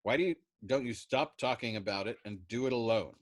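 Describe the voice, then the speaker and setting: A man's voice: mid-range voice, brisk, no echo, clean studio sound, lightly acted. A man voicing a wounded young male airman who protests bluntly. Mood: defiant.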